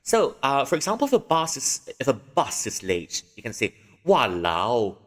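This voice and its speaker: A man's voice: mid-range voice, huge pitch swings, moderate pace, in a large hall. A man chatting through a game livestream, explaining with examples and restarting his sentences often. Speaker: streamer. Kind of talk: casual game livestream commentary.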